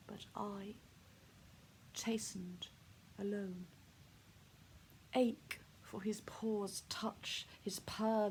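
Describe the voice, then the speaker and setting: A woman reads her poem aloud very slowly, her delivery soft and hushed. She sounds heartfelt and grieving throughout. Her voice sits at an ordinary middle pitch. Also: a little hiss or hum. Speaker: poet. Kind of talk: poetry recitation.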